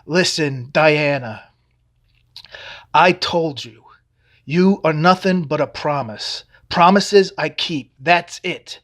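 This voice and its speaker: A man's voice: on the high side, takes it slowly, fairly bright tone. A man reading his own novel, voicing a callous, sardonic man who talks with cold contempt.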